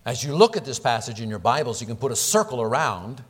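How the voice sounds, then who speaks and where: A middle-aged man, a pastor, leading a prayer and then preaching with earnest, emphatic delivery and deliberate pauses. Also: mid-range voice, big pitch swings, slightly rough. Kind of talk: prayer and sermon. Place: church sanctuary. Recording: long reverb of a church hall.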